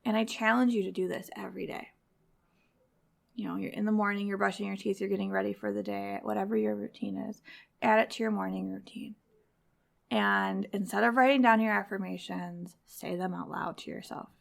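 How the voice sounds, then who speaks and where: A woman's voice: medium pitch, fairly even intonation, fairly quick, creaky. A woman hosting a podcast for mothers, giving a direct, encouraging motivational talk in a conversational way. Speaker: podcast host.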